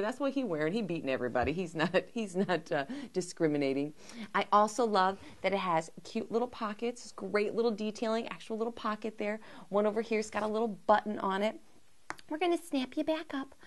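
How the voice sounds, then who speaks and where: A woman's voice: medium pitch, a bit bright. A woman hosting a toy review vlog, gushing and giggly as she shows off a horror figure.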